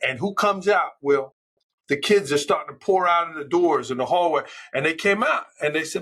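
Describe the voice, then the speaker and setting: A passionate, loud middle-aged man from New York who talks like a storyteller and acts out the people he quotes. His voice sits a little high and sounds bright and forceful. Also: lively intonation, fairly quick, breathy edge. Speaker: school leader, podcast guest. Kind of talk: casual interview talk.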